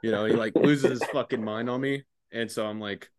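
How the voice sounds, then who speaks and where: Young man, lowish voice, laid-back profane storyteller on a podcast. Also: flat delivery, fairly quick, few pauses, dry recording. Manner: laid-back, laughing often, heavy swearing. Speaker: podcast guest, former enlisted soldier.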